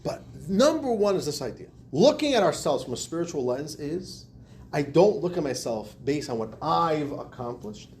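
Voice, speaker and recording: Male rabbi lecturer, higher voice with big lively swings, acts out the quotes. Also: moderate pace, slight background noise. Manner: expressive, acts out quotes, laughs often. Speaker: rabbi teaching a class. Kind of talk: animated lecture.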